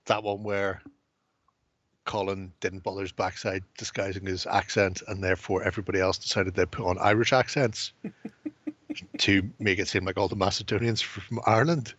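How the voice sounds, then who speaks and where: A man's voice: low-pitched, normal speed, a bit bright, no echo, muffled recording. A man co-hosting a hobby live stream, rambling and swearing with frequent laughs in casual late-night chat.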